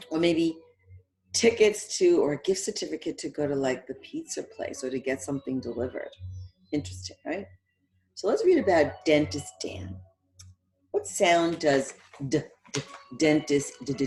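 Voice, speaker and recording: A middle-aged woman hosting a story hour for young children, animated, asking questions and sounding out letters. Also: low voice. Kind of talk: read-aloud for young children.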